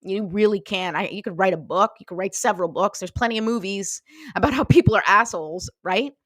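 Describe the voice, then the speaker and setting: A woman hosting a casual motivational talk, chatty and animated, often checking in with "right?" and acting out little conversations. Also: mid-range voice, brisk, no echo, studio quality. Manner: chatty, lots of "right?" and acted-out dialogue. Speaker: host.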